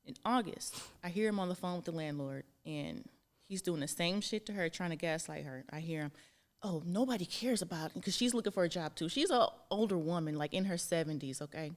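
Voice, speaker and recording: A woman's voice: fairly low pitch, fairly quick. A woman in her thirties co-hosting a podcast, talking frankly and with exasperation, swearing freely. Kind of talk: casual chat.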